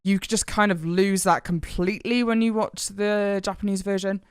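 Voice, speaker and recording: Clear-voiced blunt woman chatting. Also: medium pitch, fairly even intonation, normal speed, no room sound, clean studio sound. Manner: blunt, sweary, laughing easily. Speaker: podcast co-host. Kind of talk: casual chat.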